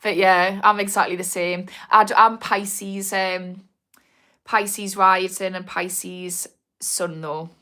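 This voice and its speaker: A woman's voice: medium pitch, little pitch movement, slow, pushed and bright. A woman with a North East English accent, an addiction recovery coach chatting on a live stream, rambling with many restarts. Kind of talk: live stream chat answering comments.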